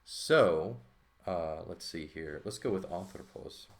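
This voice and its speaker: Low, gravelly male teacher; relaxed, thinking-aloud delivery with lots of "right?". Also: slow. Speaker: Greek teacher. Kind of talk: casual lesson walkthrough.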